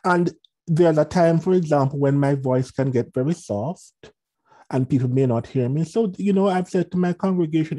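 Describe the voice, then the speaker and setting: A man's voice: fairly high pitch, moderate pace, mellow. A man with a Jamaican accent, a minister speaking earnestly and reflectively, often repeating words as he searches for them.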